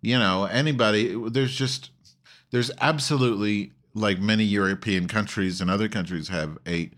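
Deep-voiced, profane, rambling male host. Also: normal speed, fairly bright tone. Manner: profane, campy, rambling with many restarts. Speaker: host of an online call-in show. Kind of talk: casual rambling monologue.

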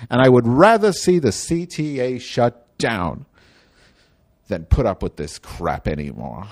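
Brief: man doing an indignant, rambling Chicago bus-riding lady, lively theatrical rant, comedy monologue. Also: on the low side, heavily acted. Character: cranky indignant woman from Chicago, bus rider.

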